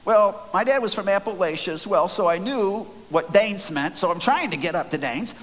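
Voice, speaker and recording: A man's voice: high voice, lively intonation, normal speed, a bit bright. A man preaching in an earnest, conversational storytelling way, with frequent restarts. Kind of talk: sermon storytelling. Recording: faint hiss, long hall reverb.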